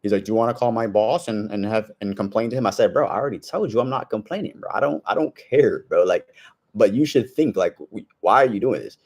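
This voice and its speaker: A man's voice: fairly low pitch, fast talker, a little mellow. A young man in a brash, slangy vlog monologue, telling a story and giving blunt advice. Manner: brash slangy storytelling, says bro a lot. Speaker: self-improvement vlogger. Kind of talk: casual monologue to camera.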